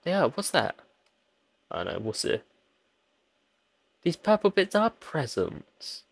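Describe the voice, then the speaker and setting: A man's voice: on the high side, big pitch swings, slow pace, creaky, slightly rough, dry recording. A man doing jokey let's-play commentary, pleading with and teasing the characters on screen. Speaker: gaming channel host.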